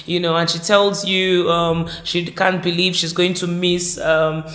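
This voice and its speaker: A woman's voice: lowish voice, flat delivery, unhurried, fairly bright tone. A woman teaching a caregiving course in an informal, emphatic way, often repeating key words and acting out short example dialogues. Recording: echoey room.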